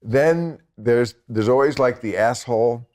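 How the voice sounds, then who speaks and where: A man's voice: medium pitch, unhurried, darkish tone. A man in his sixties, a podcast guest, telling stories in a sardonic, mocking way during casual chat. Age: 60s. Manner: sardonic storyteller, slips into mocking voices.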